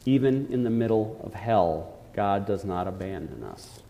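A man preaching a sermon, telling a story earnestly and slowing down to stress key points. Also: lowish voice, animated, creaky, warm tone. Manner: earnest storytelling, slows for emphasis. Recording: long hall reverb.

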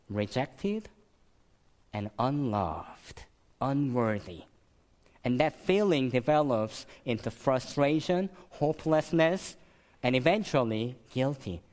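Slow-spoken male preacher. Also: medium pitch, a little mellow. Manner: slow, emotional storytelling with many repetitions. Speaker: pastor. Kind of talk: sermon.

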